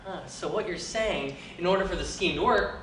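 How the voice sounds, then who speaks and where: An actor playing a scheming, blustering male theater producer in an acting-class scene, wheedling and prone to shouting bursts. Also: medium pitch, normal speed, close to an everyday voice. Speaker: acting student. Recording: echoey room, far mic, noisy.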